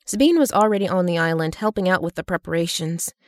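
A woman narrating an audiobook in an even, steady storytelling manner. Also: lowish voice, fast, dry recording, clean studio sound.

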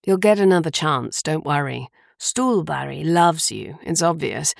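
A joking male police officer who reassures his colleague, read by a woman narrator. The voice is low with a gravelly edge. The recording is dry and close. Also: a little slow, no echo, exaggerated voice.

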